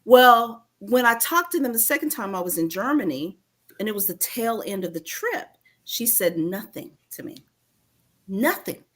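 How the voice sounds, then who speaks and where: Guest, woman, 50s, from North Carolina: bright, animated storyteller. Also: mid-range voice, moderate pace. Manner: animated storyteller, acts out others' lines. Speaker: interview guest, author and femininity coach. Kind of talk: casual storytelling interview.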